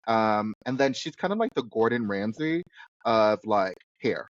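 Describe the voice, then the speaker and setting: A man's voice: on the low side, expressive, a little slow, dry recording, lo-fi sound. A man co-hosting a podcast, chatting loosely about a reality show, rambling and stumbling over names. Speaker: podcast co-host. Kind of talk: casual chat recapping a reality show.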